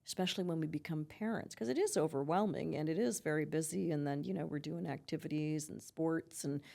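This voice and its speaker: A woman's voice: low-pitched, a little fast, vocal fry, dark tone. A middle-aged woman, a psychotherapist giving earnest advice in a conversational podcast interview, peppering her talk with "you know" and "right?". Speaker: psychotherapist guest.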